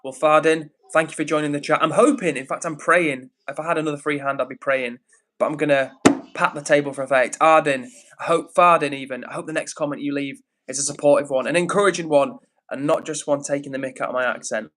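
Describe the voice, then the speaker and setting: An English man hosting a casual livestream, upbeat and chatty as he reads out comments and gives shout-outs. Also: fairly high pitch, steady tone, fast talker, low-quality recording. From England. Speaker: livestream host.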